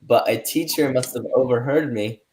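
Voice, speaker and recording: A teenage guy co-hosting a homemade podcast, telling a school story with lively energy. His voice sits at an ordinary middle pitch, and he slips into the voices of the people he quotes. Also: normal speed, slight background noise. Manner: animated, acts out quoted adults in his story. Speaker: podcast co-host. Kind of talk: casual storytelling.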